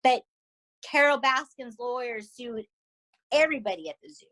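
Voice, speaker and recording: A woman with a Southern US accent, co-hosting a podcast and recapping a TV series in animated, emphatic casual chat. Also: fairly high pitch, moderate pace, rough recording. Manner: animated and emphatic, often asking "right?". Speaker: podcast co-host.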